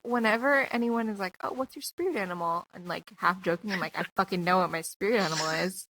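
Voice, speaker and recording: A woman hosting a relaxed podcast conversation, her voice bright and forward. She jokes around, swears freely and chats with easy friends. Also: mid-range voice, fast talker, low-quality recording. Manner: swearing, joking, chatty. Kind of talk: casual chat.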